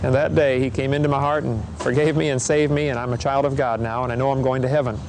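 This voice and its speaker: A man's voice: mid-range voice, steady tone, quick pace, a little mellow, slight background noise. A man preaching to young people at a seminar, folksy and urgent, acting out little scenes as he talks. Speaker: evangelist speaker.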